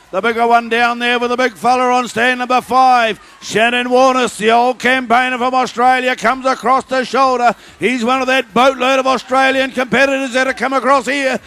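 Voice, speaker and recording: High-voiced excited shearing commentator man. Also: creaky. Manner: fast excitable play-by-play calling. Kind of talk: live sports commentary. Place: shearing competition venue.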